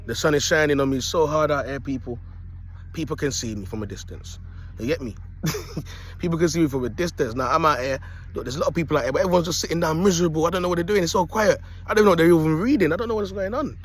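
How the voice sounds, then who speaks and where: Fast-talking streetwise man in a park. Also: on the high side, husky. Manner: streetwise and preachy, repeats "you get me". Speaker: vlogger. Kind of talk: casual motivational vlog. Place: outdoors in a park.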